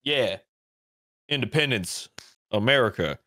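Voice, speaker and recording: A man's voice: medium pitch, expressive, a little slow, bright, forceful tone. A young man in casual chat, brash and jokey, cursing freely. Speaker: guest narrator, co-streamer.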